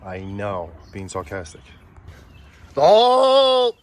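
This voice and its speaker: A man vlogging as a father while unboxing a prop with his kids, chatty and teasing, easily excited. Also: mid-range voice, fast talker. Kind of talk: casual chat.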